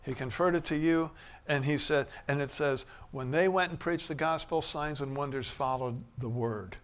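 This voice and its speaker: A man preaching a sermon, shifting from quiet musing to loud, emphatic bursts. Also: a little high, normal speed.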